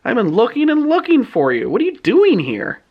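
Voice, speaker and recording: A man's voice: extremely high pitch, huge pitch swings, brisk, husky, dull audio, voice pushed up, exaggerated voice. A man voicing a bold, tough young girl who talks in a sassy, determined way. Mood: insistent.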